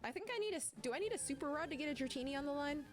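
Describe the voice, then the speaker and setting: A woman's voice: sits high, lively intonation, racing, faint music behind. Chatty woman streaming a game. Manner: chatty and rambling, laughs often. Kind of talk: casual let's-play chat, reading chat aloud.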